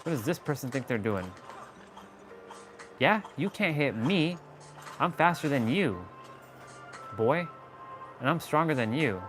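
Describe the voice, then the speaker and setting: A man's voice: on the high side, big pitch swings, a little slow, pauses often, a bit bright, soft background music, poor audio. A man chatting casually on a live gameplay stream, swearing and joking as he taunts enemies in the game. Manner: playful trash talk at enemies, swearing, joking.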